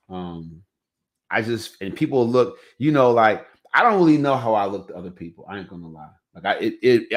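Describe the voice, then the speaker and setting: A man hosting a casual podcast, telling stories in a loose, chatty way and often saying "you know what I'm saying". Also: lowish voice. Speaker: podcast host.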